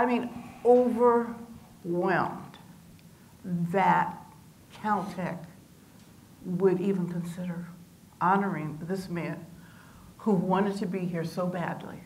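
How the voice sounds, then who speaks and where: A woman's voice: on the low side, a little hiss or hum. An older woman telling family stories to a live audience, acting out the voices of the people she quotes. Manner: animated storyteller acting out quoted dialogue. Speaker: family member speaking at a campus event. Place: multipurpose room.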